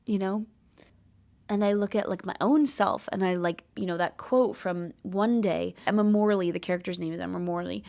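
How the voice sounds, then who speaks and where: A woman's voice: mid-range voice, normal speed, gravelly, darkish tone. A woman in her late twenties hosting a podcast, talking earnestly in a rambling, casual confessional way, full of fillers. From Canada. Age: late 20s. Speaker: podcast host.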